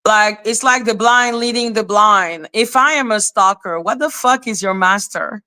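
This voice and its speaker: A woman's voice: medium pitch, moderate pace, sharp tone, smooth. A woman hosting a live stream, talking to her chat in a confrontational, scolding way. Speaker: livestream host.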